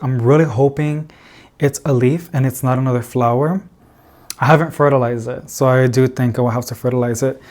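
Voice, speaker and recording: A man's voice: mid-range voice, steady tone, a little fast, a little mellow. A man chatting casually to camera as a plant vlogger in an indoor plant room, rambling with lots of fillers and little laughs.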